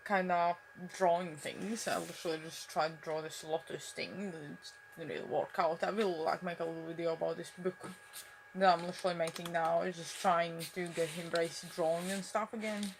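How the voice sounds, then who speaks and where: A woman's voice: on the low side, a little hiss or hum. A young woman vlogging at home on her phone, mumbling and rambling with lots of fillers. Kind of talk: casual talk to camera. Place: at home, indoors.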